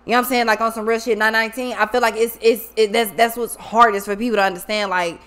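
A woman's voice: fairly high pitch, fairly even intonation, fast talker, a bit bright. A woman giving a casual tarot reading monologue, blunt and profane, who talks emphatically and often repeats her words. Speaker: tarot reader.

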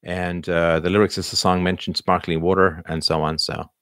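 Middle-aged male livestream host, low register, loose rambling delivery, dry room. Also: little pitch movement, moderate pace, a bit bright, no room sound. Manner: rambling, lots of fillers and restarts. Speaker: livestream host answering viewers. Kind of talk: casual live chat.

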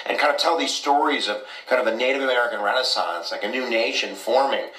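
A man's voice: mid-range voice, fast, bright, forceful tone, far from the mic. A man explaining history casually, with many fillers like "kind of" and "you know". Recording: echoey clip from off-mic.

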